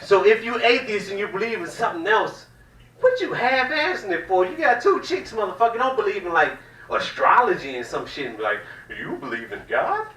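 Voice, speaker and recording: A man from the South works a small comedy room with a loud, profane, rambling set. His voice sits high and leaps wildly up and down, with a bright, sharp edge. The sound is roomy and echoey, and he comes across at a slight distance from the microphone. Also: big pitch swings, brisk, slight background noise. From American South. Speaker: stand-up comedian.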